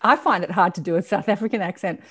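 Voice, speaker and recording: An Australian woman joins a podcast as a guest over a video call, with a voice of middle pitch. She chats casually and tells her stories animatedly. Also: fast, fairly bright tone, husky. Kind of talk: casual chat.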